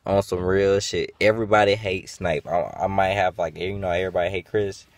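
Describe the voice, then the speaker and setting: A man's voice: sits low, little pitch movement, fairly quick, dry recording. A man venting in a rambling, profane monologue to his viewers, full of fillers and restarts. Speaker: vlogger.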